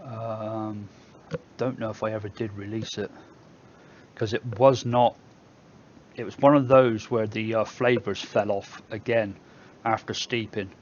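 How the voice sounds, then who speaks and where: A man's voice: on the low side, fairly even intonation, unhurried, lo-fi sound, slight background noise. A man with a Somerset English accent, hosting a casual live stream where he reads viewer comments aloud and jokes back at them. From England.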